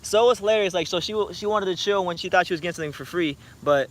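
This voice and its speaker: A man's voice: high voice, racing. A young man from South Florida, talking boxing in a blunt, profane, joking late-night vlog chat. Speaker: boxing YouTuber.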